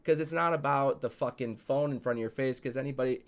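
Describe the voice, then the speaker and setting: A man's voice: mid-range voice, quick pace. A man hosting a casual podcast chat, telling stories with heavy swearing and emphatic delivery. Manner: profane, emphatic, storytelling. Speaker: show host and promoter.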